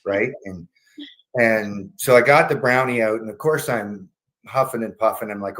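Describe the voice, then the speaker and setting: A man's voice: fairly low pitch, normal speed. Man animatedly telling a personal story. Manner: animated, acts out voices in his story, frequent restarts; swears casually. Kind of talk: casual storytelling.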